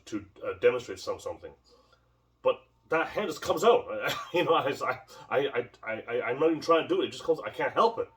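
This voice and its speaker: A man's voice: medium pitch, a bit bright. Guy teaching a martial arts drill, rambly and repeats himself, mic kinda far off, noisy. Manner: rambling, repeats words, emphatic. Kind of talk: casual demonstration lesson. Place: home training space.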